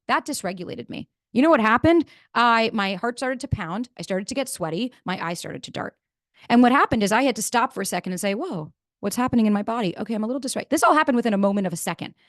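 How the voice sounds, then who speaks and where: A woman's voice: medium pitch, dry recording. Blunt, swearing woman with dry sound. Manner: blunt, swears freely, animated. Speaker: podcast host. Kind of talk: motivational talk.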